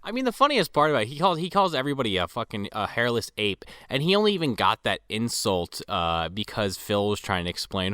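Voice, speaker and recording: A man's voice: fairly low pitch, sing-song, a little fast, hardly any pauses, pushed and bright, clear, resonant tone, no echo. A man co-hosting a casual movie review podcast, describing scenes in a laid-back, profane way. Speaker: podcast co-host.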